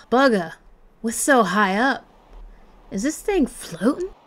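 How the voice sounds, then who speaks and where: A woman voicing a cheeky, rough-talking young girl adventurer in an attempted Australian accent. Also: high voice, voice pushed up. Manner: cheeky, exclaiming, slangy.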